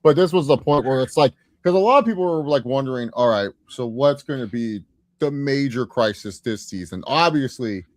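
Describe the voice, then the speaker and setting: On a podcast, a male co-host with a medium-pitched, slightly mellow voice casually recaps a TV episode, enthusiastic and pleased with himself. The recording is dry, with clean studio sound.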